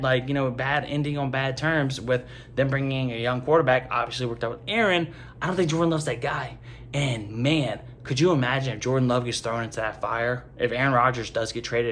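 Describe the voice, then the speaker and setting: A young man hosts a casual sports opinion segment, rambling and animated, with "like" in almost every sentence. His voice sits at an ordinary middle pitch. A faint hiss of noise runs under the recording. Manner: rambling, animated, heavy use of "like". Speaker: sports commentary host.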